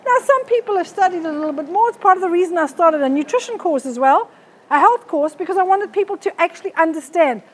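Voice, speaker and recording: A woman's voice: extremely high pitch, lively intonation, fast talker. A middle-aged woman, giving a blunt, forthright live health talk to an audience on a handheld mic. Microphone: handheld microphone.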